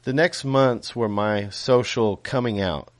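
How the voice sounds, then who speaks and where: A man reading his own novel aloud in a measured way, with small self-corrections and casual asides. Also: mid-range voice, no room sound.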